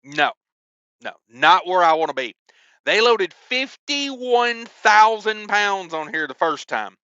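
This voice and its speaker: A man's voice: high-pitched, animated, moderate pace, bright, forceful tone, clean tone, dry recording, dull audio. A man who drives a truck, telling road stories in a casual, joking way with lots of ums and asides. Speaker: owner-operator trucker. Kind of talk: casual vlog storytelling.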